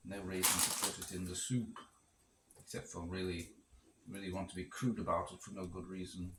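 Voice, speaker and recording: In a rental kitchen with a gas stove and a pot boiling, a man cooks and rambles casually with wry asides for his vlog. His low voice is completely flat and fairly quick, picked up on a distant mic that sounds roomy with background noise.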